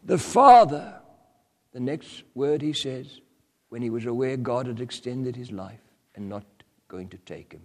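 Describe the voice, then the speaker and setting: A man's voice: medium pitch, moderate pace. Impassioned preacher man in a reverberant hall. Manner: impassioned, swings from loud cries to hushed whispers. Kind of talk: sermon.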